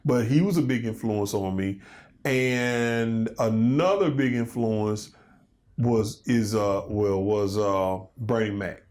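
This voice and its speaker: A man in his fifties, a comedian and guest, telling stories in a loose, animated way in a casual interview chat. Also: on the low side, slow pace. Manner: animated storytelling, loose and conversational.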